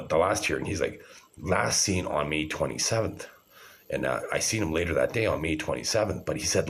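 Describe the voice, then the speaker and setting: A man's voice: very deep voice, slight background noise. A man in his forties talking to camera in an agitated, rambling, profane monologue. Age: 40s.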